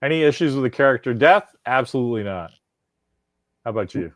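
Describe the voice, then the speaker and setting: Animated profane podcast guy, dry sound. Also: medium pitch, a little fast, no echo. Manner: animated, profane, frequent restarts. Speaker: podcast co-host. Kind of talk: casual chat.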